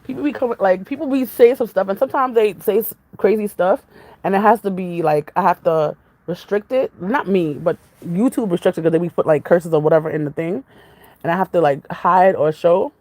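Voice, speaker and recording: A woman's voice: on the low side, brisk, dark tone, dry recording, low-quality recording. A woman vlogger in casual, rambling chat with her viewers, jumping from topic to topic. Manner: jumps from topic to topic, chatty, laughs often.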